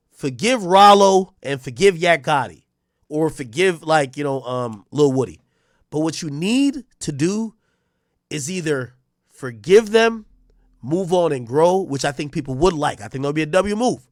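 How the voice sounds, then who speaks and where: A man streams his reaction commentary in a blunt, ranting way, swearing freely and talking straight at the subject. His voice sits a little high and swings widely in pitch. The close mic sounds dry, with no room echo.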